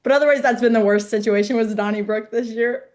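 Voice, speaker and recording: Chatty young woman, higher voice. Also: steady tone, fast talker, darkish tone. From Iowa, US. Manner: chatty, heavy use of "like". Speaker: head wrestling coach, guest. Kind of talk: casual interview chat.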